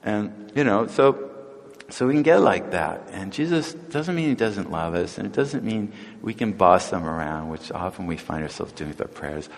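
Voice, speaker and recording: A fairly low-voiced man gives a relaxed, conversational sermon. He jokes and chuckles as he goes and slips into different voices when quoting people. The sound carries a long echo from a large hall. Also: moderate pace, vocal fry. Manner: chatty and humorous, chuckling often and acting out quoted voices. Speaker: preacher.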